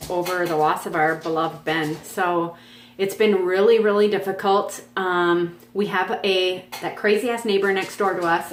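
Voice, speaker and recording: A woman's voice: fairly low pitch, a bit bright, echoey room. A woman in her forties on a farm, chatting in a rambling, casual way with frequent fillers. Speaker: vlog host. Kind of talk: casual chat. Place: home on a farm.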